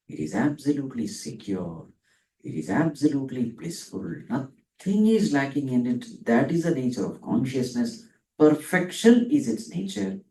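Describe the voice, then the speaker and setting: Male teacher, Vedanta talk, lively up-and-down pitch, mellow tone, roomy echo, mic set back. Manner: asks and answers his own questions; dwells on Sanskrit terms, drawn out slowly. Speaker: spiritual teacher. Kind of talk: Vedanta discourse. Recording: echoey room, from a distance.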